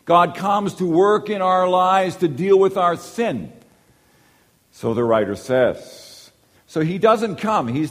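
A man preaching a sermon, moving between quiet, low asides and loud, emphatic lines. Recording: long hall reverb.

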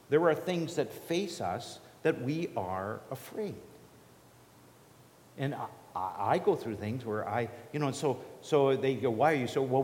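A man's voice: medium pitch, darkish tone, a little hiss or hum. A man preaching a sermon in an earnest, conversational way, with restarts and repeated questions. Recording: echoey hall reverb.

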